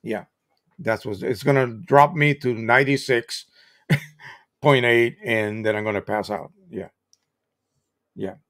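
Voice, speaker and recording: A man's voice: mid-range voice, measured pace, long pauses, a bit bright. Chatty American man hosting a live tutorial. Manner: chatty, explains with examples, frequent restarts. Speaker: live stream host. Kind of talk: casual live-stream tutorial.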